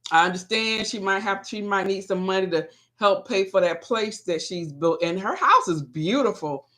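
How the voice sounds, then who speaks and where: A woman's voice: mid-range voice, animated, moderate pace, a bit bright. A woman hosting her own vlog, chatting casually and rambling as she speaks directly to her viewers.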